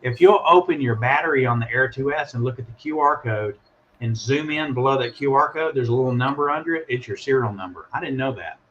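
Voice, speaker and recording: A man casually telling a story on a call, animated and acting out the voices of the people in it. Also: medium pitch, fairly quick, dull audio, a little hiss or hum. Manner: animated, acts out voices in his stories. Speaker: guest calling in.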